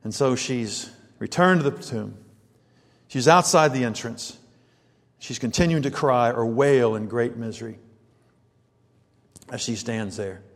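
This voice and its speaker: A man's voice: medium pitch, a little slow, long pauses. A man preaching an expository sermon in a conversational way, thinking aloud with frequent restarts. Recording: long hall reverb.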